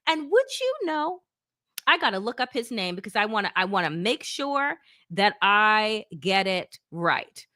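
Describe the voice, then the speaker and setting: Fiery, bright-voiced woman commentator. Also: medium pitch, unhurried, no room sound, studio quality. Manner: animated, indignant, swears freely, frequent fillers. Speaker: political commentary host. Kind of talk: casual political commentary.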